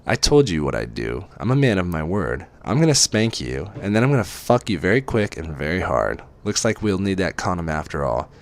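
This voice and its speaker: A man voicing a controlling young man who talks softly and with quiet menace. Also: low-pitched, sing-song, a little fast, hardly any pauses. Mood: commanding. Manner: soft-spoken, menacing.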